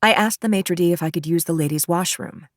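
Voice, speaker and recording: A traumatized female witness testifies haltingly in an audiobook, read by a woman. Her voice sits low and hesitant, recorded dry and close. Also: no room sound, close to an everyday voice. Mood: shaken. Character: shaken female witness recounting an assault.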